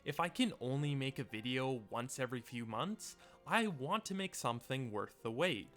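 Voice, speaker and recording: A young man hosting his own video essay, reading a scripted voice-over in an earnest, measured, explanatory way into a home mic setup. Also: mid-range voice, lively intonation, fairly bright tone, soft background music.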